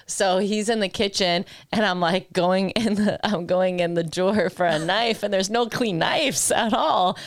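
A woman's voice: mid-range voice, a little slow, few pauses, no room sound. A woman co-hosting a podcast, telling a story in casual chat, laughing often, swearing freely and acting out the lines she once said. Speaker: podcast co-host.

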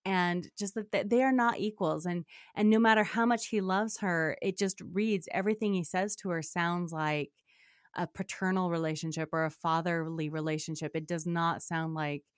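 Woman, lower voice, hesitant book chat, dry close recording. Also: fairly even intonation, normal speed, no echo. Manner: hesitant, many restarts. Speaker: book discussion co-host. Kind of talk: casual literary discussion.

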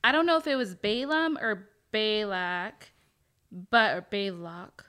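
A woman's voice: sits high, lively intonation, a little fast, pushed and bright, clear, resonant tone. A woman speaking as a podcast guest, thoughtful and a little hesitant in casual talk about scripture. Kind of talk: casual Bible study chat.

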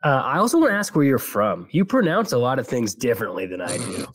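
A young man from California with a General American accent, co-hosting a casual podcast and rambling with quick restarts. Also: mid-range voice, huge pitch swings, no echo. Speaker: podcast co-host.

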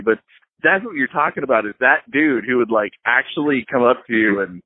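A man's voice: medium pitch, expressive, normal speed. A man co-hosting a casual podcast, recounting a story in a rambling, hesitant way with frequent laughs. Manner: rambling, hesitant, lots of fillers and restarts, laughs often. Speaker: podcast co-host. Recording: phone-like, dry sound.

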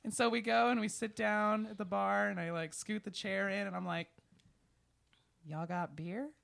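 A woman, telling a road story in casual podcast chat, animated and laughing as she acts out the people in it. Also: medium pitch, a little fast, creaky, smooth. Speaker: podcast guest, musician.

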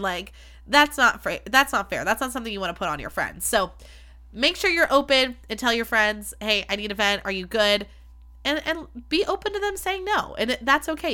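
Bright, frank woman podcast host. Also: a little high. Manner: frank, swears freely, chatty and self-deprecating. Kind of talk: candid solo podcast talk.

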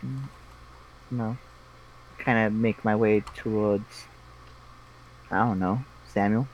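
A man's voice: on the low side, steady tone, slow pace, a little hiss or hum, low-quality recording. A man playing a tabletop role-playing game, often in character, stammering and repeating words. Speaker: player.

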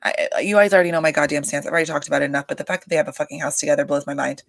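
Racing along in a low, creaky voice with no echo, a woman speaks into a desk microphone. She hosts a casual reality-show recap podcast, gossiping animatedly, swearing often and filling her talk with "like" and "you guys."

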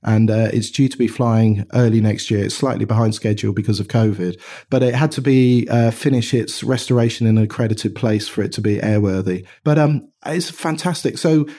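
Chatty Englishman with a mellow voice. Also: lowish voice, fairly quick. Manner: chatty, animated anecdotes with frequent restarts. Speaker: watch company co-founder, guest. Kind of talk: casual storytelling interview.

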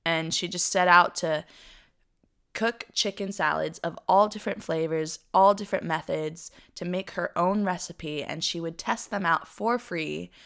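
A young woman co-hosting a podcast, telling a story in a chatty, animated way with frequent laughs. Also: fairly low pitch, smooth. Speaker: podcast co-host. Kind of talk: casual storytelling chat.

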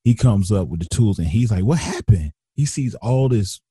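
Man, interview guest, animated storyteller, husky, mellow, swinging pitch, dry close sound. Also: normal speed, dry recording. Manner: acts out others' lines with big pitch jumps, frequent restarts and slang. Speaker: guest telling a personal story.

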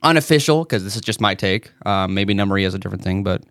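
A man's voice: sits low, lively intonation, fast talker, a bit bright, dry recording, studio quality. A man co-hosting a podcast who talks in a laid-back, rambling way. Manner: laid-back, rambling, with many fillers and restarts. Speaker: podcast co-host. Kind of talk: casual chat.

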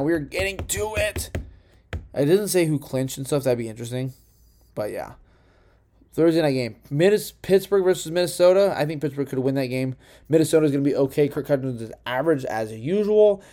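Young male podcast host, mellow tone, rambling and profane, self-correcting, uneven home recording. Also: medium pitch. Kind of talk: casual solo sports podcast.

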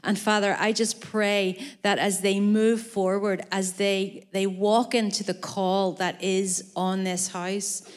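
A woman's voice: medium pitch, flat delivery, slow, few pauses. A woman leading an earnest spoken prayer over church leaders.

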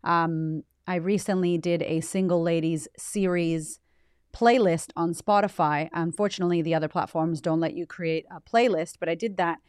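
A woman's voice: fairly low pitch, steady tone, normal speed, darkish tone, clear, resonant tone, dry recording. A woman hosting her own podcast in a heartfelt, casual monologue. She is emotional and close to tears, and swears freely as she gushes her thanks. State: teary, close to crying. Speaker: podcast host.

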